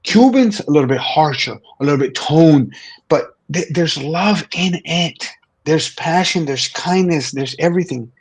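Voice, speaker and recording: Earnest middle-aged man with husky voice. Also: a little high, expressive, measured pace. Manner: earnest, repeats words when starting phrases. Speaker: podcast guest. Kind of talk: motivational conversation.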